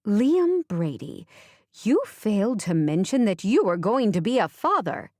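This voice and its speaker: An excitable older mother and boss in a romance audiobook, as a woman narrator puts her on. She talks in a brisk, formal, commanding way and gushes when excited. Her voice is pitched above the narrator's low speaking voice, and the recording is dry and close. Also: no room sound. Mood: stern.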